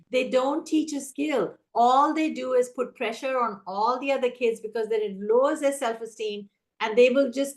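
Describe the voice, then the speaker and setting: Lively woman leading a teacher training. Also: high voice. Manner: energetic, animated, acts out teacher and child voices. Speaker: classroom management trainer. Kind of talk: live webinar Q&A teaching.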